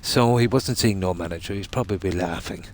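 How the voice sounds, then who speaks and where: A man's voice: deep voice, a little fast. A man streaming a game, chatting casually and telling long rambling stories. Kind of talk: casual chat while gaming.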